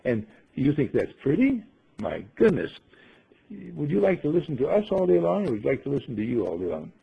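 A man voicing a wise male talking bird in a told story, speaking in a patient, gently lecturing way. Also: a little high, sing-song, a little fast, vocal fry, husky, narrow, tinny audio, heavily acted. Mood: chiding.

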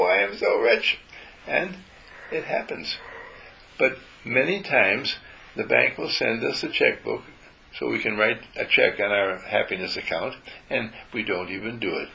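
A man giving a gentle spiritual talk to a group, telling stories and acting out how he talks to his dog. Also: medium pitch, moderate pace, creaky, slight background noise, rough recording.

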